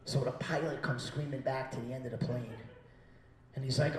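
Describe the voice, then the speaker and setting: A man doing a stand-up comedy set, profane, with loud acted-out quotes. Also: medium pitch, steady tone, normal speed, pauses often, roomy sound, far from the mic, rough recording. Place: small comedy venue.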